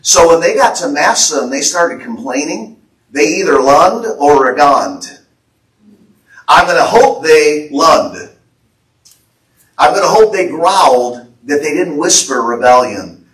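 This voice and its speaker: A man's voice: fairly high pitch, big pitch swings, unhurried, a bit bright. A man with an American accent preaching a fervent sermon and relaying prophetic words as the pastor. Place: church sanctuary. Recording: echoey church hall, voice from a distance.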